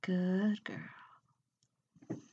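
A woman voicing a calm, teasing, dominant woman, speaking softly and soothingly in a half-whisper. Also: drawn-out words, lo-fi sound.

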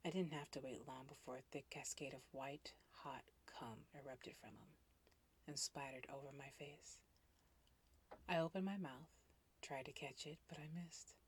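A woman narrating a first-person erotic story in a breathy, hushed voice that often drops into a whisper, with sudden loud outbursts. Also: rumbling low, fairly even intonation, a little slow, a little hiss or hum.

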